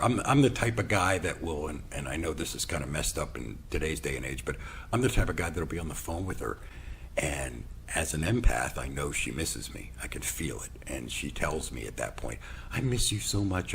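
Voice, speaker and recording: A man hosting his own show, telling a personal story in an animated way and acting out the dialogue. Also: very deep voice, fairly quick, vocal fry, a little hiss or hum. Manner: animated, acts out quoted dialogue. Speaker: podcast host.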